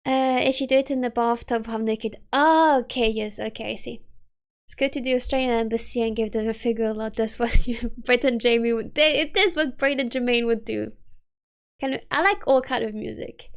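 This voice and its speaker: Gravelly-voiced woman chatting on stream. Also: fairly high pitch, brisk. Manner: chatty, giggly, reads chat aloud. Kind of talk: casual live-stream chat.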